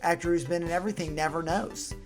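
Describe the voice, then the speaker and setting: A deep-pitched woman theorising with mock seriousness. Faint music sits under her voice. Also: steady tone, quick pace. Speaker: panelist. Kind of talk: comedic movie chat.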